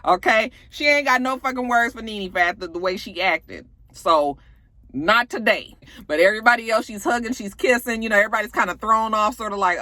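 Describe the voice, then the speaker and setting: A woman's voice: mid-range voice, expressive, brisk, pushed and bright, no room sound. Sassy woman recapping reality TV. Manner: sassy, profane, acts out quotes in voices. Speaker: TV recap vlogger. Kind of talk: casual chat recapping a reality show.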